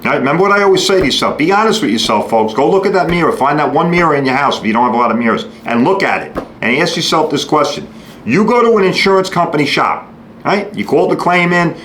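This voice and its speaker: A man hosting a podcast, giving a blunt, sarcastic monologue and acting out customers and shop staff in quick quoted bits. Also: a little high, lively intonation, fairly bright tone. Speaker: podcast host. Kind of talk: opinionated monologue. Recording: echoey room with faint noise.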